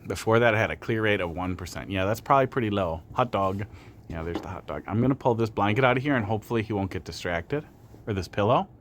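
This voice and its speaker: There's slight background noise as a man with a lowish voice streams a level-building game. He sounds animated and fairly bright and talks at a quick pace. He rambles and jokes in casual live-stream commentary, sometimes humming to himself.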